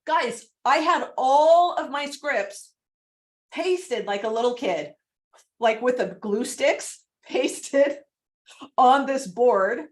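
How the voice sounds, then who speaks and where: A woman coaching on a video call, chatty and animated, laughing often as she talks. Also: high voice. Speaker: real estate prospecting coach.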